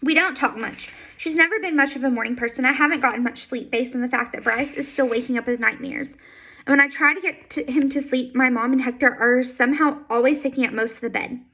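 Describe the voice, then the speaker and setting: A woman reading a first-person novel aloud in a soft, steady, intimate way. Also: sits high, fast, rough recording. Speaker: audiobook reader.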